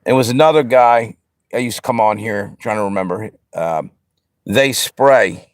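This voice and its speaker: This relaxed livestream host, from the Pennsylvania and Delaware area, rambles along while chatting casually and talking right to the chat. His lowish voice moves at normal speed, recorded at studio quality with no room sound.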